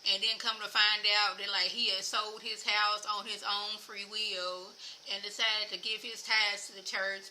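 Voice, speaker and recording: A woman recapping a reality show for her viewers in a chatty, opinionated way. She speaks straight to the audience and grows louder and higher when worked up. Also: slight background noise, rough recording. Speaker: TV show reviewer. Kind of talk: casual recap commentary to viewers.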